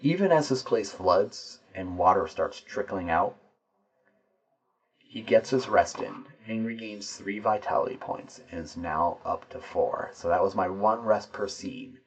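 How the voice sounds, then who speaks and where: A man's voice: sits low, expressive, unhurried, husky, rough recording. A man playing a tabletop game solo, narrating the scene and explaining his dice rolls and rules as he goes.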